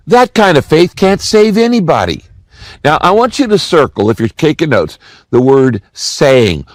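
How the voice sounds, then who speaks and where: A man's voice: mid-range voice, very animated, unhurried, no echo. An older man giving a sermon as pastor, teaching through a scripture passage and repeating key phrases for emphasis.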